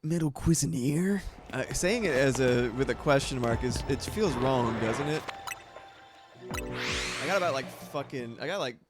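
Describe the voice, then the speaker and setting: A man's voice: medium pitch, lively intonation, normal speed, long pauses, music in the background. A man streaming a video game, chatting casually in a loose, rambling way and swearing freely. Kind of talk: casual chat while gaming.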